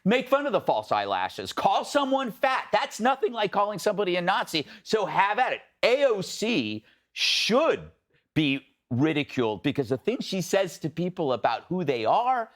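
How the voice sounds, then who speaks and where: A man co-hosting a panel discussion show, riffing sarcastically with quick asides. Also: sits high, sing-song, fairly bright tone.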